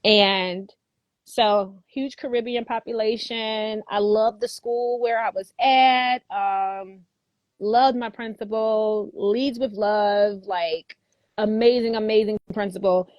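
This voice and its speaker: Philly lady telling stories in an interview, animated, quotes folks, dry room. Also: mid-range voice, takes it slowly, no room sound, dull audio. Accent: Philadelphia. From Philadelphia, USA. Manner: animated, quotes people in lively voices, laughs often. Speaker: guest educator. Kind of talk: casual storytelling interview.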